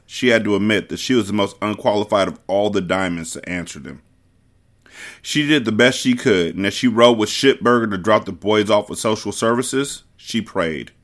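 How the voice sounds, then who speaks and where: A man with a low voice reads a novel aloud for his book podcast. His narration is measured and expressive, pacing the story steadily.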